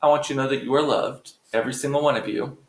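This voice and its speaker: A man's voice: medium pitch, steady tone, fast talker, vocal fry, a little hiss or hum. A middle-aged man hosting a live stream, chatting casually and rambling to his viewers with playful swearing. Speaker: livestream host. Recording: roomy echo.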